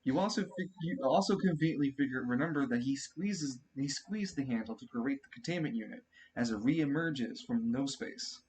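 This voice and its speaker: A man narrating as game master in a tabletop role-playing game, casual, quick to swear and restart his sentences. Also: mid-range voice, a little mellow, a little hiss or hum.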